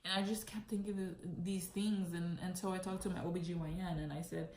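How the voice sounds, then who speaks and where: A woman's voice: on the low side, little pitch movement, fast, vocal fry, hardly any pauses, darkish tone. A young woman vlogger telling a personal story candidly, with a lot of "like". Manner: candid, heavy use of "like". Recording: echoey room, faint noise.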